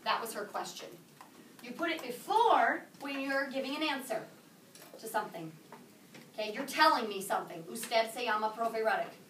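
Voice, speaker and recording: Bright, high-voiced woman teaching a class. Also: moderate pace, a little hiss or hum. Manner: lively, playful, asks the class questions. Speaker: high school Spanish teacher. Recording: echoey classroom from a distance.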